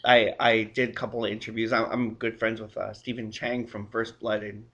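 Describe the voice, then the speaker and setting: A man's voice: fairly low pitch, little pitch movement, normal speed, a bit bright, highs cut off. A man hosting a casual interview, upbeat and encouraging, with lots of short affirmations. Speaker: interview host.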